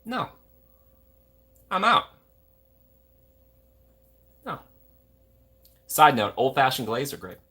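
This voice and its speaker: A man's voice: mid-range voice, very animated, very slow, pauses often, sharp tone, slightly rough. A young man from Minnesota, hosting a livestream, chatting casually and going off on jokey tangents while reading viewer comments. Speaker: livestream host.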